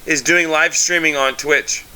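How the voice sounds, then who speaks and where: An excitable man talks in a rambling, casual way, full of fillers and the odd swear word. His voice sits a bit high and rings very bright and forward. He tells his stories as a co-host in a relaxed chat. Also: a little slow.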